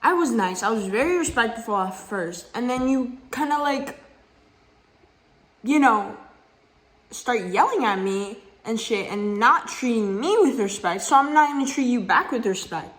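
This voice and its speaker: A woman's voice: a little high, lively intonation, unhurried. A teenage girl telling a work story in a casual vlog into her phone, heated and slangy, full of fillers and swearing. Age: teens. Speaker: vlogger. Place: at home, just woken up. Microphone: phone camera.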